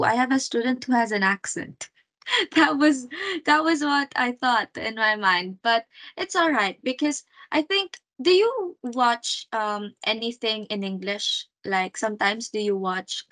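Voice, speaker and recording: Woman, online English tutor, higher pitch, gentle and encouraging, filler-heavy, dry video-call sound. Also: dry recording, poor audio. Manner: patient and encouraging, many fillers and repeated words. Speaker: English teacher. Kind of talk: online one-on-one English lesson.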